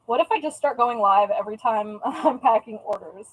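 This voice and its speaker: A woman's voice: fairly high pitch, normal speed, husky, low-quality recording. A young woman from the US West Coast chatting casually on a live stream while she packs orders at home, playful and talkative. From US Pacific time zone. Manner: chatty and playful, tries out joking Spanish phrases. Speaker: live-stream host and online shop seller.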